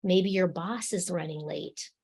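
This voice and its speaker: A woman's voice: fairly low pitch, unhurried, creaky, darkish tone, slightly rough. A woman co-hosting a spiritual talk show, walking through everyday examples as she talks. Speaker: podcast co-host.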